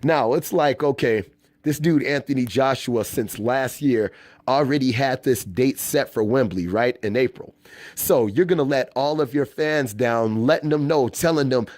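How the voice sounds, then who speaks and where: A man's voice: mid-range voice, normal speed, darkish tone, dry recording. A man from the US hosting a boxing news channel, reading articles aloud and giving casual, slangy, fired-up opinions. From United States. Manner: casual, slangy, worked-up commentary.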